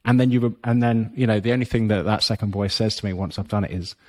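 A man's voice: lowish voice, fairly even intonation, fast talker. Blunt, swearing man. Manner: blunt and profane, frequent you-knows. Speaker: guest, fitness business coach. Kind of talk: podcast interview, motivational talk.

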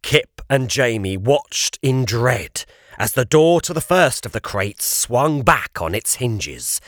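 In a close, dry recording without any room sound or echo, a man narrates a children's audiobook. He goes slowly and deliberately, and his pitch moves around a lot in a measured, expressive storytelling style.

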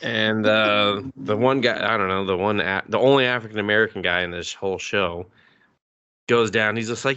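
Bright-voiced man riffing crudely. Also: fairly low pitch, moderate pace, smooth, lo-fi sound. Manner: crude, profane, mocks scenes with put-on quotes. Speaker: podcast co-host. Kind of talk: casual podcast chat.

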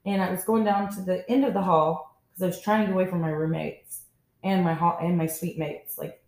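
A woman's voice: on the low side, steady tone, brisk, a little mellow. A young woman co-hosting a podcast, telling a candid, wry story from her college days. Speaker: podcast co-host. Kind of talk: casual storytelling chat. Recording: roomy echoey sound.

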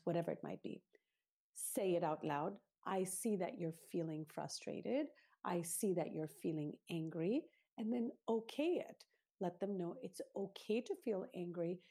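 A woman with a slightly husky, low-pitched voice speaks as a guest in an interview. Her tone is dark and mellow. She lays out her points in an earnest, teacherly way, step by step. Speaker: parenting author, guest. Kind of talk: explanatory interview talk.

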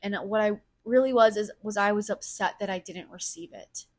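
A woman talks alone on her podcast in a raw, unfiltered way, swearing freely. Her voice sits at an everyday middle pitch. She keeps turning her thoughts over out loud, half talking to herself. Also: normal speed. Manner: blunt, profane, emotionally raw; self-reflective, thinking aloud. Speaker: podcast host. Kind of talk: candid solo podcast monologue.

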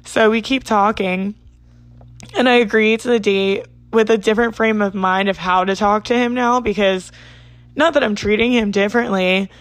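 A young woman chats through a personal story in a casual, rambling way, leaning on "like" as she goes. Her voice sits in a middle pitch range. The sound is close and dry, with no room echo. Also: fairly even intonation, normal speed. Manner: chatty, says "like" a lot. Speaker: vlogger.

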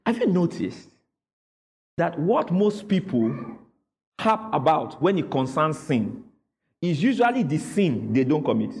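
A man's voice: a little high, very animated, measured pace, pauses often, a little mellow, in a large hall. A man preaching a sermon in church, calling on the congregation to repeat after him and read aloud. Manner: call-and-response preaching, asks the congregation to repeat. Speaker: pastor.

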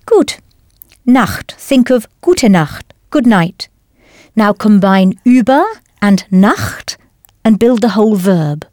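A woman teaching a language lesson in scripted narration, explaining patiently and clearly step by step. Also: mid-range voice, lively intonation, slow pace, darkish tone, no room sound, studio quality.

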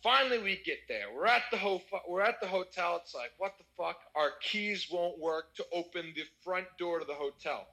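A young American man telling a wild party story in casual chat, animated and swearing. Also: high-pitched, moderate pace, hardly any pauses, rough recording. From United States.

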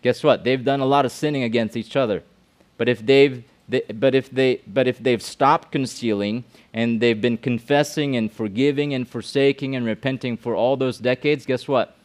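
Middle-aged guy pastor talking to youth, chatty, keeps asking the crowd stuff, mid pitch voice. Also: steady tone, moderate pace. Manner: conversational, repeats words, asks the room questions. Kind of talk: youth sermon with audience questions.

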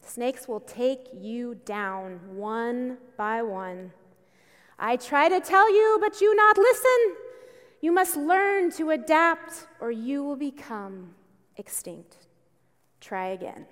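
A woman's voice: high voice, lively intonation, slow pace, fairly bright tone, full character voice. Stern older karate coach, blunt broken phrasing, voiced by a woman preacher; reverberant hall. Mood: scolding.

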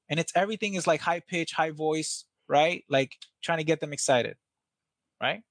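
A man's voice: a little high, moderate pace, dry recording. A man, guest on an interview, talking energetically and casually about training salespeople, acting out phone calls, with some swearing.

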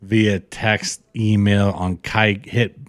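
A man with a lowish voice co-hosts a loose podcast, profane and pumped up. He slurs his words a little, as if he has had a few drinks. The sound is dry and close. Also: little pitch movement, takes it slowly, no room sound. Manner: profane, fired-up pep talk. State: slightly slurring, tipsy. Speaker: podcast co-host. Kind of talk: casual podcast chat.

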